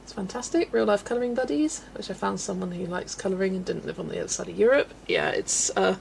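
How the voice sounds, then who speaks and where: This young Englishwoman talks at a quick pace in a creaky, medium-pitched voice, with a little hiss or hum audible. She's hosting a colouring livestream, chatting casually, reading chat, and telling stories with lots of giggles.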